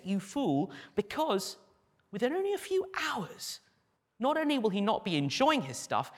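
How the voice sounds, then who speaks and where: A man preaching a sermon as pastor, animated, with dry humor and acted quotes. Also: a little high, in a large hall.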